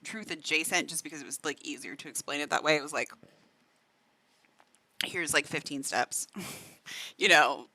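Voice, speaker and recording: Chatty woman streamer with a bright, dry-sounding voice who laughs often and talks while eating. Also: sits low, brisk, dry recording. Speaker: streamer reacting to a video. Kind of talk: casual reaction-stream chat.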